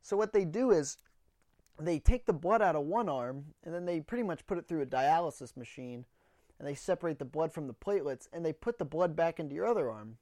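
A man's voice: a little high, lively intonation, brisk, a little mellow, dry recording, studio quality. A man hosting a comedy podcast alone, telling a rambling story in a blunt, sarcastic way and a little out of breath. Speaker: podcast host. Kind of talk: solo comedic monologue.

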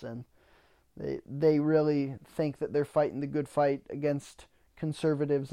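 A man's voice: fairly high pitch, mellow. A man hosting a podcast, ranting in a casual monologue, swearing freely and often repeating words as he starts sentences. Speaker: podcast host.

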